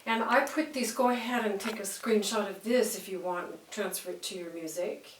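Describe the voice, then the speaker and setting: A woman's voice: medium pitch, moderate pace, slight background noise. A woman teaching piano, counting beats aloud as she plays and explaining the music with enthusiasm. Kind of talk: piano lesson demonstration. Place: room with a piano. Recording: roomy, mic at a distance, piano playing.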